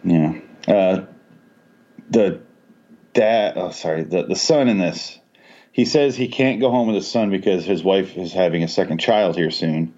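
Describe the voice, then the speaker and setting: Low-voiced man, profane casual chat. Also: measured pace. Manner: profane, laughing, animated storytelling. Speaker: podcast co-host. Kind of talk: casual movie discussion. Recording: dull lo-fi audio.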